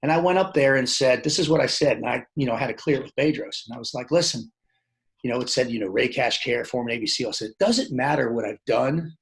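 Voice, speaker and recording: A man's voice: medium pitch, fast talker, vocal fry, rough recording. Guy on a podcast telling his story, mid voice, plain talk, acts out the quotes. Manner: animated, acts out quoted dialogue; plainspoken, loose phrasing with restarts. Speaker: podcast guest. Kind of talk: casual storytelling interview.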